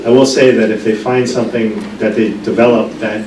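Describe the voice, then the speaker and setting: A man's voice: fairly low pitch, flat delivery, a little fast, a little mellow. A middle-aged man telling funny stories to a room, his voice bouncing around a roomy library hall and picked up from a distance. He keeps restarting his sentences with ums and uhs. A faint hum of room noise sits underneath. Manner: chatty storyteller with frequent restarts and ums. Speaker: pharmacist giving a lecture. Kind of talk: humorous anecdotal lecture. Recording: echoey room, distant mic.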